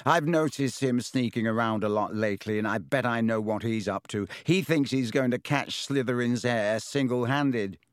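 A man's voice: medium pitch, moderate pace, few pauses, dry recording, studio quality, close to an everyday voice. A man voicing an arrogant teenage schoolboy who drawls and sneers in a storybook reading. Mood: sneering.

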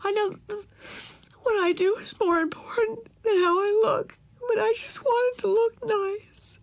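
A distraught teenage girl, her voice pitched high and cracking with tears, as a woman reading aloud puts her on. She pushes each line out loudly between sobs. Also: steady tone, measured pace, vocal fry, exaggerated voice. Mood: tearful, distraught. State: crying. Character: upset teenage girl sobbing over ruined hair.

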